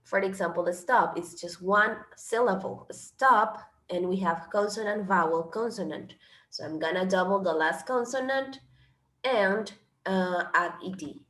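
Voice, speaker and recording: A woman's voice: medium pitch, normal speed, fairly bright tone. Woman teaching English grammar. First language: Spanish. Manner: switches between English and Spanish, explaining patiently. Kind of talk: classroom grammar lesson. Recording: echoey room.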